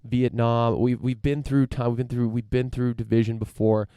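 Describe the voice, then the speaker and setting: A man's voice: mid-range voice, little pitch movement, moderate pace, dark tone, clear, resonant tone, no room sound, studio quality. A podcast host from the United States, a man riffing through a casual opinion monologue, rambling with lots of fillers, restarts and casual swearing.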